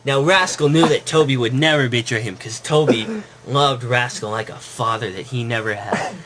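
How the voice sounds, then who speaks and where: A man's voice: mid-range voice, normal speed. A man narrating a made-up comic puppet story, rambling and breaking into giggles, on a noisy home recording. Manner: giggling, rambling, making it up as he goes.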